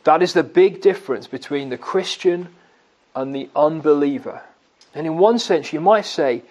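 A man preaching a sermon, asking his listeners questions and answering them himself, and slowing down to stress key words. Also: sits high, expressive, darkish tone, lo-fi sound. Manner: slow, emphatic delivery on key words.

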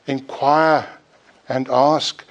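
Slow, earnest male preacher. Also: mid-range voice, little pitch movement. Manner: earnest, pleading exhortation with rising emphasis. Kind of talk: sermon.

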